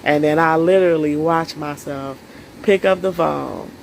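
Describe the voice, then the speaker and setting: Earnest woman with a gravelly voice. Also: low-pitched, a little slow, a little hiss or hum, rough recording. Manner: earnest, speaks straight to viewers; emotional. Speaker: self-care coach. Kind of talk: solo live stream talk.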